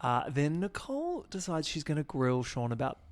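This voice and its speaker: A young man hosting a podcast, chatting casually and gossiping about a reality show, acting out quotes in quick bursts. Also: on the high side, big pitch swings. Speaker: podcast host.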